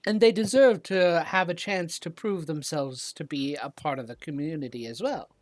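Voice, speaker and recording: A game master voicing a diplomatic deep gnome woman leader who speaks earnestly, with hesitant fillers, on a dry close mic. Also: normal speed, natural voice.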